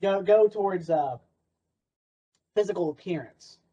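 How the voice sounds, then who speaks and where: A man's voice: high-pitched, unhurried, dark tone, breathy edge. A man presenting an interactive workshop in a playful, sarcastic way. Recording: dull lo-fi recording.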